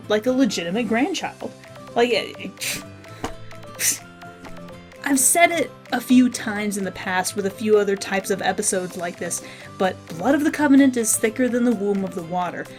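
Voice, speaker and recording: A woman's voice: mid-range voice, a little mellow. A woman giving a casual spoken review of a cartoon episode, rambling and frankly opinionated.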